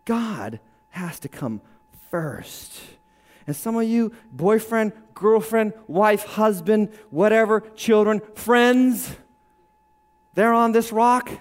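A man delivers a sermon in a high voice. He preaches with drama, climbing to shouts and dropping to near hushes, and briefly acts out other people's voices. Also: lively intonation, slow. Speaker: pastor.

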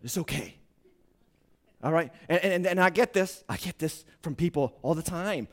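A middle-aged male pastor preaching a sermon, emphatic, swinging from quiet asides to shouted points. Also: on the high side, expressive, normal speed.

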